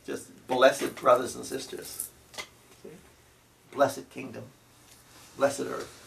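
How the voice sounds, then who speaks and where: A man with a gravelly, fry-edged voice teaching on spiritual matters, his speech slow and deliberate. He repeats key words and keeps checking in with "See?" as he goes. He sits a little away from the microphone, so he sounds distant. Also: medium pitch, level tone, a bit bright, slight background noise. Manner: tags phrases with "See?" and "You know". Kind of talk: spiritual talk. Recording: voice from a distance to the mic.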